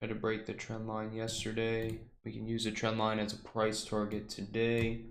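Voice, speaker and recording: Hoarse man doing market commentary. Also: fairly low pitch, roomy sound, a little hiss or hum. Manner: relaxed, reads out price levels slowly. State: losing his voice from a sore throat. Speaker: stock trading livestream host. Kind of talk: casual live market commentary.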